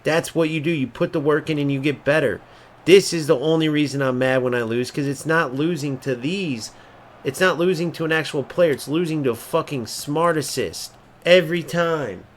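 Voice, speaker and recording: A man's voice: fairly high pitch, normal speed. A man ranting angrily and swearing freely while commenting on his own football video game match, mocking opponents and muttering between outbursts. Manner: angry, profane, swings between mocking and muttering. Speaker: gaming streamer. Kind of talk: ranting live gameplay commentary.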